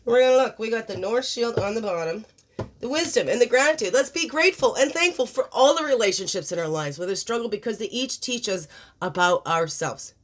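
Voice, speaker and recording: A woman's voice: a little high, animated, a little fast. A woman hosting a daily spiritual card reading, reflective and encouraging, asking her listeners many questions. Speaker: spiritual guidance host.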